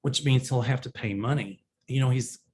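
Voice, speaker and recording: A man with an ordinary mid-pitched voice hosts a casual solo video as a psychic. He reads viewers' questions aloud and answers them with chatty, plain-spoken predictions and loose, slangy phrasing. A faint noise sits behind his voice. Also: normal speed, a little mellow.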